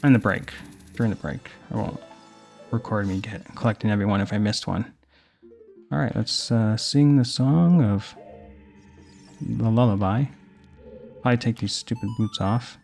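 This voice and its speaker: This young adult man's let's play commentary mixes casual remarks on a video game with rambling personal anecdotes, with game music in the background. He talks at normal speed in a low, darkish voice with vocal fry and long pauses.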